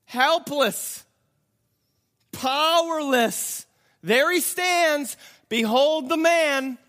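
Man acting out an anxious Pilate pleading with the crowd, high voice, slow drawn-out words, echoing hall. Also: pushed and bright, full character voice. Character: Roman governor Pilate, anxious middle-aged man. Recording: long hall reverb.

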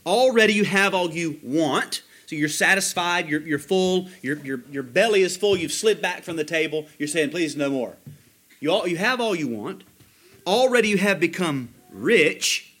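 A man preaching a sermon as pastor, slowing down to stress key words and quoting commentators. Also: fairly high pitch, expressive, fairly bright tone. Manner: emphatic, slows down to stress words, quotes commentators.

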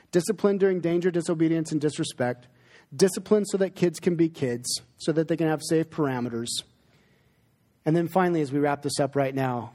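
A middle-aged pastor preaches with earnest emphasis, his fairly high male voice carrying through a large hall. Long reverb trails each phrase as he pauses to drive points home. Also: darkish tone. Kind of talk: sermon.

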